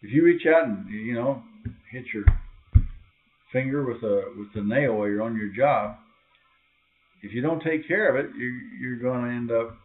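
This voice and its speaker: A man gives a casual, conversational sermon at a middle pitch. He breaks into quoted voices with sudden high, loud cries. The recording is tinny and narrow, as if heard over a phone line. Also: moderate pace, pauses often. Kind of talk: informal sermon.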